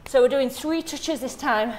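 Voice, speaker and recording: A woman's voice: high-pitched, normal speed, a little mellow. A woman fitness instructor coaching a workout while doing it herself, counting reps and calling out moves, a little out of breath.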